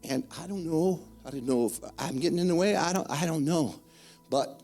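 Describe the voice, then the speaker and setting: Older man, church testimony, rambling, excitable, faint music behind. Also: a little high, moderate pace. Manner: rambling, excitable, many restarts. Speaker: church member giving testimony. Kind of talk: spoken testimony.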